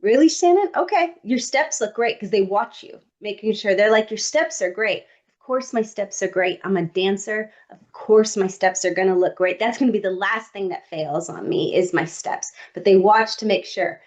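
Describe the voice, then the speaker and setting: Woman telling a personal story, lively. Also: medium pitch, normal speed, few pauses. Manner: animated, acts out what others said. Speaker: podcast guest.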